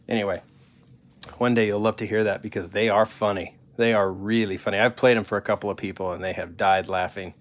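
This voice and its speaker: A man's voice: fairly low pitch, fairly bright tone. A man hosting a live stream, chatting casually and rambling in a candid, joking way. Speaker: host.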